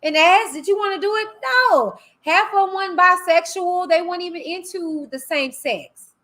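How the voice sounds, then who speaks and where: A woman's voice: very high-pitched, moderate pace, fairly bright tone. A woman hosting a live stream, talking bluntly and animatedly in casual commentary. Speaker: livestream host.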